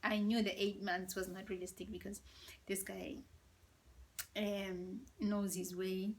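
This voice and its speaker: A woman tells a storytime vlog at home, in a hushed, half-whispered, gossipy way. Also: medium pitch, flat delivery, slow pace. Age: 30s. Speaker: vlogger. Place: indoors at home.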